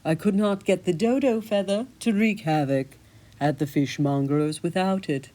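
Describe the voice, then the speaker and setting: A woman voicing a sly, scheming male talking cat who speaks in a slow, deliberate drawl. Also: on the low side, mellow, natural voice.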